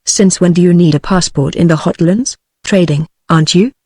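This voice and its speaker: A woman's voice: on the low side, moderate pace, no room sound, clean studio sound, natural voice. A synthetic woman voicing a curt English trader man. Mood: cold. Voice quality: soft and husky. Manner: curt, clipped, hostile. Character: cold, unfriendly slim English trader man. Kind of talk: text-to-speech audiobook reading.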